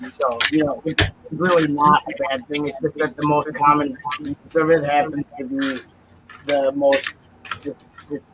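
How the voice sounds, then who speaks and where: A man's voice: a little high, noisy background. A man hosting a live building stream in casual, rambling chat, often correcting himself mid-sentence. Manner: rambling, chatty, self-correcting.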